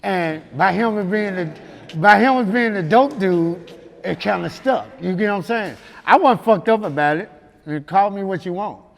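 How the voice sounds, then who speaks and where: Memphis man with a gravelly, slightly high voice, telling street stories with easy laughs, heard in a reverberant hall. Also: normal speed. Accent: Memphis Southern US. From Memphis, USA. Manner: loose and laughing, keeps saying "you know what I'm saying". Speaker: rapper guest. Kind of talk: casual interview storytelling.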